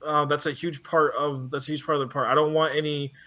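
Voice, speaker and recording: A man talking in a casual conversation as an animation producer, animated and often restarting his sentences. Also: fairly high pitch, quick pace. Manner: animated, many restarts and repeated words.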